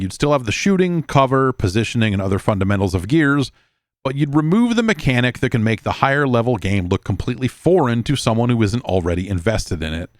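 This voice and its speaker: A man's voice: mid-range voice, lively intonation, a little fast, no echo, studio quality. A middle-aged man hosting a podcast, reading listener mail and rambling in casual chat, stammering and swearing as he talks. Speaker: podcast host.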